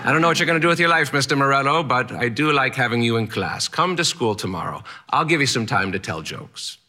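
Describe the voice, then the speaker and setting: A man voicing an eccentric old male Latin teacher who speaks in a strange, theatrical way and yells bluntly. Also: mid-range voice, animated, quick pace, pitched above the performer's own voice. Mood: amused.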